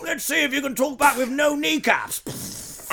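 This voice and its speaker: A man putting on a menacing old-school hunter with a musket, voice pushed up high and snarling. He drags out his threats with gleeful relish. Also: a little slow, vocal fry, pushed and bright, soft background music, exaggerated voice. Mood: gleeful menace.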